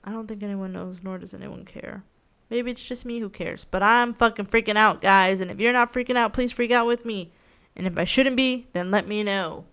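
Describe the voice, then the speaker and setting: A woman's voice: mid-range voice, normal speed, a bit bright, clean tone. A woman hosting her own podcast in a casual solo rant, rambling, frank and swearing freely, often poking fun at herself. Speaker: podcast host.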